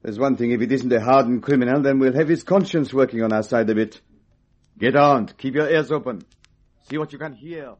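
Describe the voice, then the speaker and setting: An actor playing a brisk, commanding middle-aged police inspector in a vintage radio drama. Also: male voice, medium pitch, lo-fi sound, natural voice.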